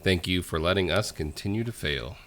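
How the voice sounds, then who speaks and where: Deep-voiced man opening a podcast. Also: a little fast, fairly bright tone. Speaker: podcast co-host and announcer. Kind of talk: podcast intro and casual chat.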